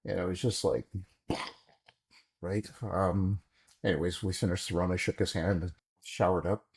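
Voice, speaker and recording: A middle-aged man with a deep, husky voice tells stories from his career as a podcast guest. He is animated and slips into the voices of the people he quotes. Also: unhurried. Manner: animated anecdotes, acts out quoted dialogue. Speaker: podcast guest, former executive. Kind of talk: conversational storytelling.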